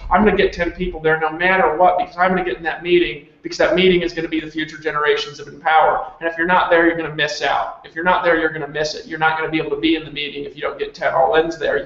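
A man leading a members' call, pushing listeners to act now in an insistent, repetitive motivational sales pitch. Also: a bit bright, roomy sound, highs cut off. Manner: insistent, urgent, heavily repetitive. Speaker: company leader on a members' call.

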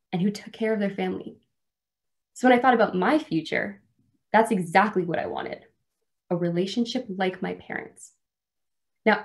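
A woman delivering a sermon in a church, speaking at an ordinary middle pitch. She tells stories in a relaxed, conversational way and pokes gentle fun at herself. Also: gravelly. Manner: conversational, self-deprecating humor. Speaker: guest speaker at a church service. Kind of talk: sermon with storytelling.

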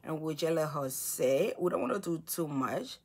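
A woman vlogger chatting excitedly while doing her makeup, talking casually and repeating herself often. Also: sits low, normal speed, slightly rough. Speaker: beauty vlogger. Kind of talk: casual get-ready-with-me chat.

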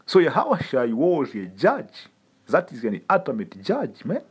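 With a husky, lively-pitched voice, this preacher teaches an informal, streetwise sermon a little slowly. He drives points home through emphatic repetition and keeps addressing the listener as "man."

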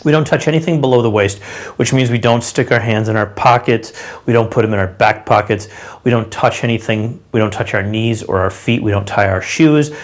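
A man's voice: mid-range voice, a little fast. Man demonstrating gestures as he teaches. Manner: demonstrating gestures while explaining, conversational and direct. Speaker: sales and body language trainer. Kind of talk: instructional talk to camera.

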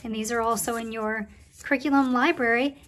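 A woman teaching a preschool circle time lesson, talking to young children in a cheerful, slow and encouraging way. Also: fairly high pitch, steady tone, fairly bright tone.

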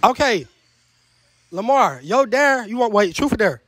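A man hosting a truth or dare game at a party, loud and joking, cursing freely and stumbling over his words. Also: sits high, sing-song, measured pace, no room sound. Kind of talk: casual party chat. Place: room at a house party.

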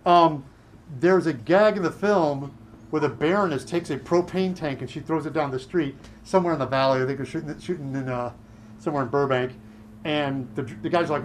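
A middle-aged man telling work stories in a casual chat, animated and acting out other people's lines. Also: a little high, slight background noise. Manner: animated, acts out dialogue in quick bursts. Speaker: guest.

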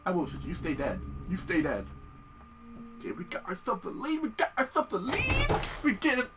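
A man casually commentating on a horror video game as he plays, excitable and swearing often. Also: sits high, fairly quick, distant mic, background noise. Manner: excitable, profane, yells at the game. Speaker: gameplay commentator. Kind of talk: casual let's-play commentary.

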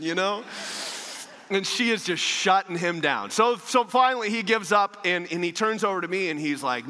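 A man preaching a sermon as a pastor, telling a story in a lively way and acting out the people in it. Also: on the high side, brisk. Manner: animated storyteller, acting out dialogue. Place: large church hall. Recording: echoey church hall.

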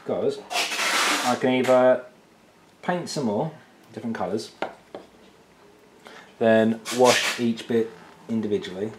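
A man's voice: medium pitch, unhurried, long pauses, background noise. A man co-hosting a painting video, bantering playfully and teasing his partner. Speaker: miniature painting channel co-host. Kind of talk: casual banter while painting.

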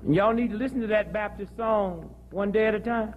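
A man's voice: high-pitched, brisk, phone-quality sound, a little hiss or hum. A man giving a joking, preachy talk to a live audience, telling stories from his own life. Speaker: speaker. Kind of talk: comic health lecture to an audience.

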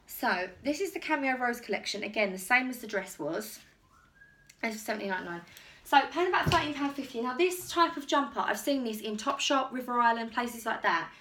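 A young woman talks her way through a clothing try-on at home. Her voice sits a little on the high side, and her chat is loose, rambling and self-deprecating. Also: bright, forceful tone, a little hiss or hum. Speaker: vlogger. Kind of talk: casual try-on haul chat. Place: home bedroom.

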